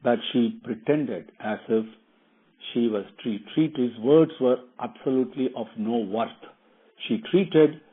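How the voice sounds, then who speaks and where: A man's voice: medium pitch, a little slow, breathy edge. A man retelling a religious epic in his own words, rambling and repeating himself with many fillers. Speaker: storyteller. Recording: tinny phone-like recording.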